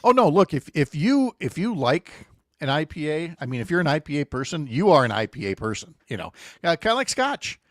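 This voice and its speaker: Middle-aged male radio host, wry and joking, lively pitch, dry studio sound. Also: brisk, no room sound. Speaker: radio morning show host. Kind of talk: casual radio chat. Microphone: studio microphone.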